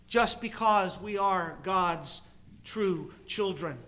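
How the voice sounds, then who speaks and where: Male pastor, higher voice, unhurried emphatic sermon delivery. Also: fairly bright tone. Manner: measured, emphatic preaching with pauses and repetition.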